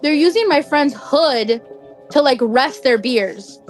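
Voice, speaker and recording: A woman's voice: high-pitched, lively intonation, slow pace, faint music behind. A young woman casually telling a personal story, chatty and full of "like" fillers. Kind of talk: casual spoken anecdote.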